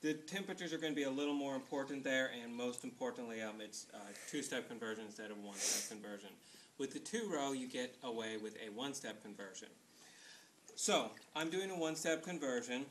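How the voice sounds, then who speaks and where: A young man talks through a home brewing demonstration in his kitchen, chatty and rambling, with a self-deprecating humor. His voice sits at a middle pitch. A faint hiss and some clicks run under the recording. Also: fairly quick, fairly bright tone. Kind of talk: casual how-to demonstration.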